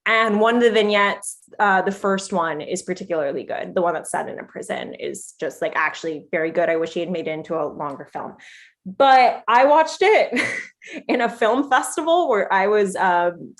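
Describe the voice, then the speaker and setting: A woman co-hosting a podcast, chatting casually and animatedly about films. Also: mid-range voice. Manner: animated, laughing, fast asides. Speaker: podcast co-host. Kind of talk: casual chat.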